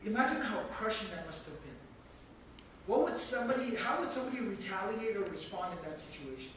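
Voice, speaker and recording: A man with a high, bright voice gives a religious lecture, stressing key words and circling back to repeat them. He is recorded by a camera across a big hall, so the sound comes from far off with a heavy echo and a faint hum behind. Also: very animated, a little fast. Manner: emphatic, explains word by word, repeats for stress. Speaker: teacher explaining Quran verses. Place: mosque hall. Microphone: handheld camera from across the room. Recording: echoey hall from far off, faint room noise.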